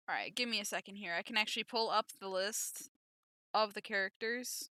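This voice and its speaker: A woman's voice: medium pitch, brisk, bright, forceful tone, dry recording. A woman giving casual, chatty gameplay commentary, self-deprecating and laughing often. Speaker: game streamer.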